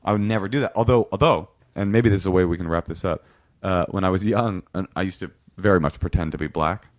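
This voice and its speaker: Male comedian guest in his thirties, low-pitched, casual chat, animated storyteller who slips into other voices. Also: quick pace, no echo.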